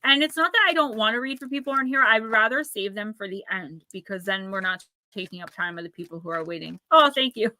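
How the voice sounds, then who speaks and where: A woman's voice: mid-range voice, lively intonation, fast talker, hardly any pauses, rough recording. A woman giving an intuitive oracle card reading on a live stream, chatting and reading card meanings aloud. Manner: chatty, reads card text aloud softly.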